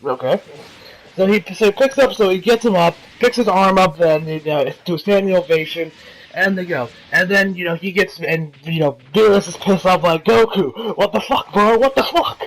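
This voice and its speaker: A man with a notably high-pitched voice talks through an anime episode in a loose, rambling review. He swears freely and leans on constant fillers like "you know" and "like". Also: normal speed, rough recording. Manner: rambling, profane, many fillers.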